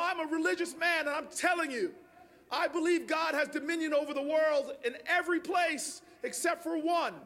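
A man giving a storytelling speech to an audience. He talks in an animated way, sometimes raises his voice, and repeats words. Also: very high voice, a little hiss or hum. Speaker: public speaker.

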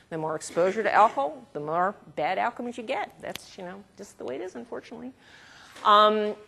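A woman's voice: on the low side, fairly bright tone. A woman researcher giving an academic lecture in a conversational way, with asides and the odd chuckle.

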